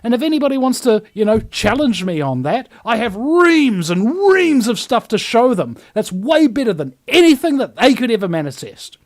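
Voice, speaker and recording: A New man hosting his own show, ranting emphatically and with scorn. His voice sits high for a man and swings widely in pitch as he drives each point home. The sound is close and dry, with no room around it. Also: very animated, moderate pace, hardly any pauses, no room sound. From New Zealand. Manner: emphatic and scornful, acts out other people's voices. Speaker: host. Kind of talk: ranting monologue.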